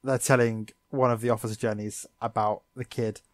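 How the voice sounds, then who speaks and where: A man co-hosting a podcast, poking sarcastic fun at a cartoon plot as he retells it. His delivery is animated and mid-pitched. The sound is dry and close, with no room echo. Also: brisk. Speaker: podcast co-host. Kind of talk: casual episode recap chat.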